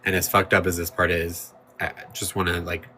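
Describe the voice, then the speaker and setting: A man's voice: deep voice, monotone, moderate pace, pushed and bright, a little hiss or hum. A man hosting a livestream, talking in a loose, rambling way over a playing clip and thanking viewers. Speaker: livestream host. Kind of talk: casual livestream commentary.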